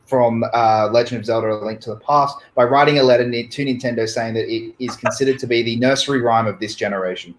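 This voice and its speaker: A man's voice: mid-range voice, fast, hardly any pauses. A man co-hosting a movie watch-along livestream, sharing trivia about the film. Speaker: livestream co-host.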